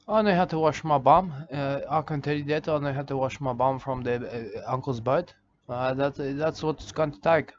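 A man in a rambling, deadpan comic monologue, halting on "uh" and restarts. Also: medium pitch. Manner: halting, full of "uh" and restarts, says "mate". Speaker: comedic character monologue. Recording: slightly dull lo-fi sound with faint background noise.

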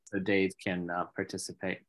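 A man at a town meeting, talking in a relaxed, slightly halting way. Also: low-pitched. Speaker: meeting participant. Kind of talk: casual meeting talk.

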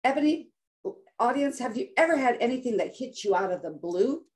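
An older woman tells her life story as a guest, leaning into each dramatic turn with an inspirational, preacherly lilt. Her voice sits a little high for a woman. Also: expressive, fairly quick. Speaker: guest health coach. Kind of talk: storytelling interview.

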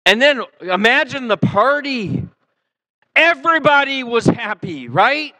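A male pastor preaching a sermon in a church, acting out quotes and swinging between loud and soft. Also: very high voice, sing-song, measured pace, low-quality recording. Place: church sanctuary.

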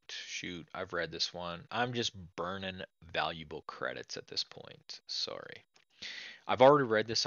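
A man hosting a let's play, chatting to viewers in a chatty, excitable way as he plays an old computer game. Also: deep voice, creaky, dry recording, muffled recording. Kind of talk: casual game commentary.

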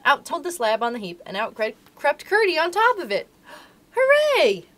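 A woman, a librarian, reading a storybook aloud to children in an expressive, animated way. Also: high-pitched, fairly quick.

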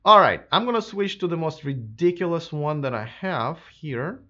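A man hosting a live stream, chatting casually with lots of fillers and restarts, his voice a bit hoarse from a sore throat. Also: fairly high pitch, expressive, moderate pace, sharp tone, muffled recording. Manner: rambling, many fillers and restarts. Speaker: livestream host.

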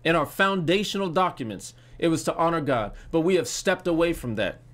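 A man's voice: on the high side, expressive, a little fast, fairly bright tone. A man preaching a sermon as pastor, earnest and often repeating words as he goes. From United States. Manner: earnest, repeats words while searching for them.

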